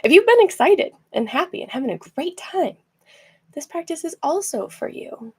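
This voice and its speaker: A woman leading a guided rest and relaxation practice from her chair, gentle and encouraging, laughing now and then and using fillers. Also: high voice, very animated, moderate pace. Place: seated in a chair.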